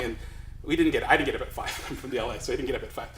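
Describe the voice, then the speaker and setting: A man's voice: mid-range voice, fairly even intonation, fast talker, a bit bright, reverberant, poor audio. A man from Los Angeles telling a comic story to a live crowd, chatty and self-deprecating, rambling along. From Los Angeles, USA.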